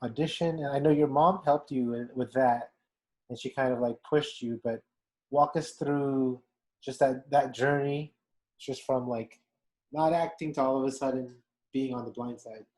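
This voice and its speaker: A man's voice: mid-range voice, fairly even intonation, moderate pace, darkish tone. A man co-hosting a casual interview show, asking loose, rambling questions with fillers. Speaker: podcast co-host.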